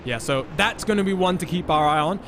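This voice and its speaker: Man, lead race commentator, very high voice, energetic play-by-play, faint background noise. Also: brisk. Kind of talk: live esports racing commentary.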